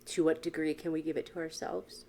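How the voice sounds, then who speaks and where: Woman podcast host with a slightly low voice, earnest and blunt, working through big questions in a solo monologue. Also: little pitch movement, brisk, dark tone, a little hiss or hum. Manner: earnest, questioning, speaks frankly with casual swearing.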